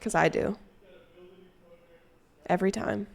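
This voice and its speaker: A woman's voice: mid-range voice, slow pace, creaky. A young adult woman streaming live, chatting casually with viewers in a rambling, crude and playful way as she reads chat aloud.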